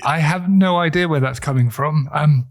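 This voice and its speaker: A man co-hosting a casual educational podcast, reacting in an animated, joking and blunt way. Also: fairly high pitch, moderate pace. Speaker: podcast co-host.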